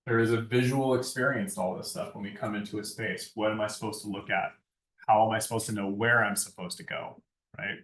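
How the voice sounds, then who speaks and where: A man's voice: fairly low pitch, fairly even intonation, fairly quick, fairly bright tone. Lecturing man, echoey and far off. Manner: conversational, keeps asking "right?". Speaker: lighting design instructor. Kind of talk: classroom lecture. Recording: echoey room, far from mic.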